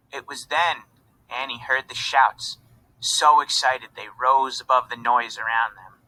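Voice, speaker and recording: A man reading a children's storybook aloud in an expressive narrating voice. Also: mid-range voice, unhurried, rough recording. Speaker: reader.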